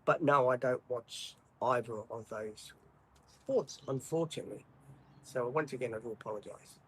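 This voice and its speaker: A man's voice: mid-range voice, moderate pace, a bit bright, a little hiss or hum, poor audio. An Australian man hosting a livestream, chatting casually, apologetic and rambling with many ums. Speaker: livestream host. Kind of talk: casual live-stream chat.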